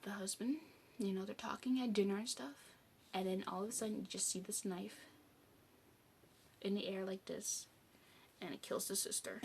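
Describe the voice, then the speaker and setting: A woman's voice: medium pitch, fairly even intonation, normal speed, pauses often, a little mellow, slight background noise. Chatty young woman rambling through a recap. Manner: rambling, chatty, heavy use of "like" and "um". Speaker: movie review vlogger. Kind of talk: casual spoken movie recap.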